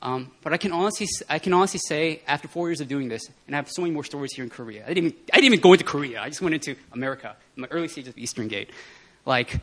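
Animated man telling a testimony. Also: a little high, racing, hardly any pauses. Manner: animated storytelling, often laughing. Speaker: prayer meeting speaker. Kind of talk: testimony sermon.

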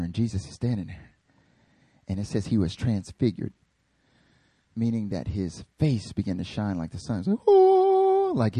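A man preaching a casual, joking sermon in an animated, slangy way. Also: on the low side, husky, no echo.

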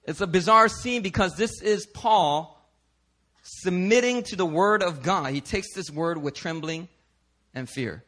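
A male pastor from Philadelphia preaching a sermon in a conversational, animated storytelling way, dropping to a hush and then rising loud. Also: high-pitched, measured pace. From Philadelphia, United States. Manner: animated, conversational, swings from hushed to loud while telling stories. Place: church service.

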